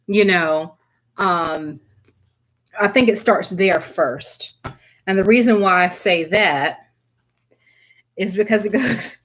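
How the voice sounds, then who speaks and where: A woman's voice: medium pitch, slow, pauses often, fairly bright tone. Giggly woman reading tarot live. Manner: giggly, keeps breaking into laughter and apologizing; chatty, addresses viewers by name. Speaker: tarot reader.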